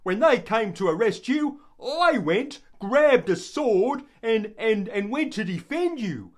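Fed-up, loud, indignant Peter played by a man, high and lively in a storytelling voice. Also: slow pace, full character voice. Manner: exasperated, loud and raised in pitch. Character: indignant male apostle Peter, resentful and blunt.

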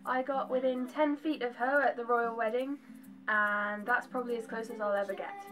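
A young English woman with a slight American twang, talking to her camera at home in a chatty, animated way. Her voice sits a little high, and faint music plays quietly under her. She moves easily into joking asides. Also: moderate pace. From England. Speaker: vlogger. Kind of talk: casual chat to camera.

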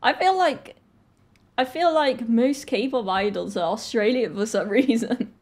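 A woman's voice: on the high side, unhurried, darkish tone. A woman in her twenties from Britain, chatting casually and laughing often as she reacts to a video. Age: 20s.

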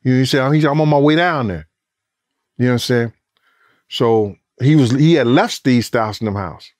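A middle-aged man and former bodyguard telling a story in a casual interview, animated and profane, acting out the voices of others and the sounds of gunshots. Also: mid-range voice, moderate pace, no echo, studio quality.

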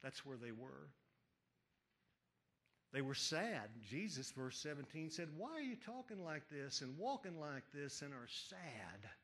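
A man preaching an Easter sermon as a pastor in a church, building to emphatic rising questions and dropping to hushed words. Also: a little high, big pitch swings, a little slow. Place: church sanctuary.

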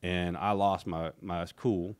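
Low-voiced middle-aged man telling stories. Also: fairly even intonation, takes it slowly, clear, resonant tone. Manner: rambling, frequent restarts, acts out quotes. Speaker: podcast guest. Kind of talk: casual storytelling interview.

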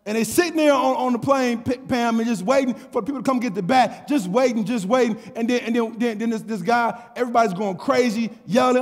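A man preaching a sermon, telling a story with call and response, repeating his words and building to shouts. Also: very high voice, brisk, few pauses, big-room sound. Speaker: pastor.

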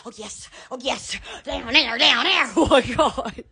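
A woman's voice: high-pitched, unhurried, gravelly, bright, forceful tone. A woman with a Southern accent chatting on a live phone stream about her shop products, exclaiming and giggling and repeating "oh, yes" over and over. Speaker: online shop owner.

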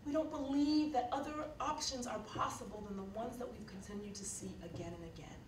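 A woman's voice: on the high side, a little fast. Woman, keynote speaker, earnest storytelling, conversational, distant mic, roomy hall, faint background hiss. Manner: earnest, conversational, with frequent fillers. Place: lecture hall. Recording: echoey hall recorded from afar.

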